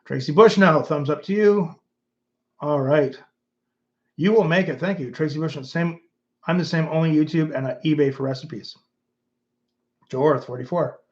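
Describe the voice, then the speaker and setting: A man's voice: on the high side, moderate pace, pauses often, dull audio. Chatty Canadian man on a livestream. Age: 50s. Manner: rambling, reads viewer comments aloud. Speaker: YouTube host. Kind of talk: casual livestream chat.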